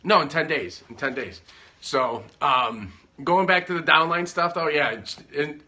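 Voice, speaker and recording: A man's voice: fairly high pitch, unhurried, pushed and bright. A man chatting casually at home on a livestream, giving business advice in a rambling, joking way. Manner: rambling, self-interrupting, joking.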